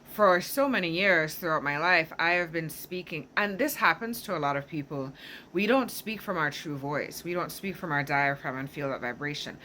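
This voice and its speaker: A woman speaks to her audience in an easygoing, reflective way, often stopping to search for the right word and tossing in "right?" to check in. Her voice sits a little low but has a bright, forward edge. A faint ambient hum runs underneath. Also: normal speed. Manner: thoughtful, searching for words, frequent "right?". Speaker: spiritual self-help vlogger. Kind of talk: casual reflective monologue.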